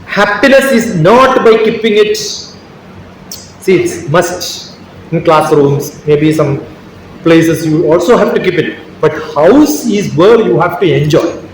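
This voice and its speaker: A man's voice: on the high side, expressive, slow pace, recorded from a distance, slight background noise. Man lecturing in a very echoey hall. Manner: rhetorical, keeps asking the audience questions. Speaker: speaker at a teachers' workshop. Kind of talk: motivational talk to an audience.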